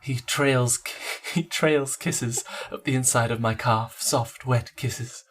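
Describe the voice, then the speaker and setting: A man doing a breathy romance heroine. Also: mid-range voice, fairly even intonation, takes it slowly. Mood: breathy reading. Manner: theatrical romance reading in a mock northern voice. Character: adult woman narrator-heroine, breathless.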